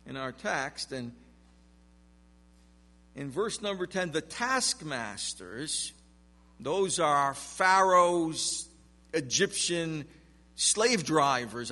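A man's voice: fairly high pitch, pushed and bright, long reverb tail. A man preaching an expository sermon in a church sanctuary, emphatic, with rhetorical questions. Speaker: pastor.

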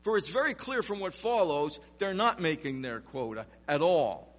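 A man's voice: on the high side, animated, normal speed, in a large hall. A man preaching an expository sermon in a church sanctuary, emphatic, with rhetorical questions. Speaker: pastor.

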